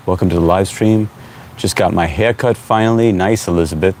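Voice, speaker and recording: A man hosting a casual live stream, reading out viewer comments and greeting people by name in a relaxed, chatty way. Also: low-pitched, fairly quick, a little hiss or hum. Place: at home.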